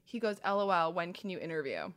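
A woman comedian co-hosting a chat show, telling a story in a lively way and acting out what people said. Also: lowish voice, fast. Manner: animated, laughing storyteller acting out quotes. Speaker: comedian and podcast co-host.

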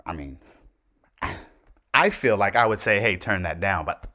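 A middle-aged man with a very low voice talks casually through his solo show. He rambles, drifts into side tangents and corrects himself as he goes, in a loose conversational way. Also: animated, a little slow, bright, forceful tone. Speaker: podcast host.

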